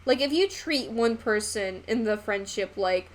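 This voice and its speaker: Rambling young woman streamer, higher voice. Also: lively intonation, moderate pace, few pauses. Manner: rambling and chatty, with frequent fillers and swearing. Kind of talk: casual chat while painting on a live stream.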